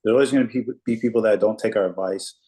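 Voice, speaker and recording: A man's voice: fairly low pitch, fast, warm tone. A man who coaches entrepreneurs, offering advice on a call in a hesitant way with many restarts. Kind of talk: casual chat on a coaching call.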